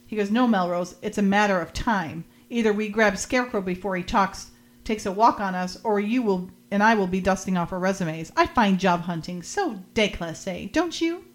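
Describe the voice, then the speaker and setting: A woman's voice: mid-range voice, moderate pace. Chatty woman retelling TV scenes. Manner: quotes characters in lightly acted lines, laughs often. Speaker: podcast host recapping a TV episode. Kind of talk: casual chat, retelling scenes.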